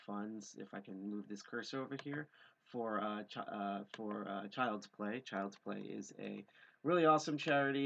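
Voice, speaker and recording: A man with a low, mellow voice hosts a casual livestream, rambling through announcements with plenty of fillers. He pokes fun at himself as he goes. The sound is dull and lo-fi, like a home stream feed. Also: creaky, slight background noise. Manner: rambling, many fillers, self-deprecating. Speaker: livestream host and hacker group co-founder.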